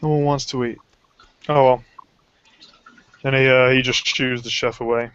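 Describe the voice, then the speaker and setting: A man's voice: mid-range voice, flat delivery, normal speed, a bit bright, clean tone, no room sound, dull audio. A man narrating as game master, loose and hesitant, full of fillers. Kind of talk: narrating a tabletop game over voice chat.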